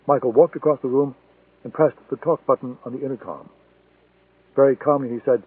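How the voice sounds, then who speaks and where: A man reading a thriller audiobook in a steady, measured way. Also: medium pitch, slightly rough, no room sound. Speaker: audiobook narrator. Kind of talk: scripted thriller narration. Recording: tinny phone-like sound, dry.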